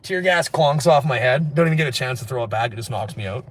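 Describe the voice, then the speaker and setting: A man from Canada chatting on a late-night livestream, reading viewer comments and rambling very fast between laughs. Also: medium pitch, lively intonation, background noise. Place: indoors at night, after a street walk.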